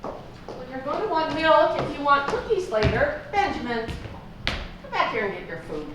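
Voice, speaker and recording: A woman's voice: sits high, big pitch swings, normal speed. A woman playing a motherly woman who teases and bosses a young student. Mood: teasing. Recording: echoey room, noisy.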